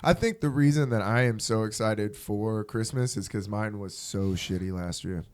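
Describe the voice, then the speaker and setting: A man's voice: fairly low pitch, normal speed, darkish tone. A young man telling stories on a podcast in a casual, profane, laughing way. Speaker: podcast co-host. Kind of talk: casual chat.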